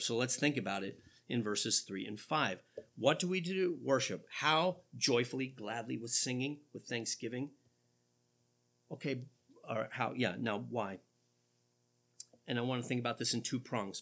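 Male pastor, fairly high, bright voice; emphatic sermon delivery with conversational asides. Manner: emphatic, slows down to stress key phrases; conversational asides, asks and answers own questions. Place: church sanctuary.

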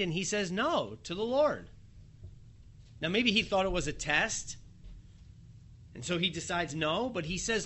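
Bright-voiced man preaching a sermon. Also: on the high side, normal speed, breathy edge. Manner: lively storytelling with chuckles.

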